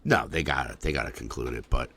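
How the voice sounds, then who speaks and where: A man's voice: a bass voice, quick pace, gravelly, pushed and bright, slight background noise. A man co-hosting a podcast in casual chat, laid-back and jokey, with lots of "um" and "you know". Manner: laid-back, joking banter with frequent fillers. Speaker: podcast co-host.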